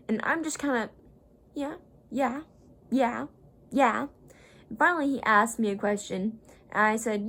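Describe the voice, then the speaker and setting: A young woman vlogger casually retelling a story, rambling and acting out the people she quotes. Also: medium pitch.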